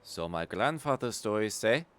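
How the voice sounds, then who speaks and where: A man reading the lines of a small, formal storyteller from a merchant clan, measured and solemn. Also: on the low side, lively intonation, a bit bright, faint music behind. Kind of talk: reading game dialogue aloud.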